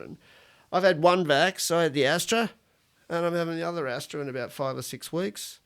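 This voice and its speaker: A man's voice: on the high side, normal speed, gravelly, clean tone. A man in his fifties with an Australian accent, hosting a casual solo podcast from his garage, blunt and rambling, swearing and joking as he goes. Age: 50s. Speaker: podcast host. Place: home garage studio.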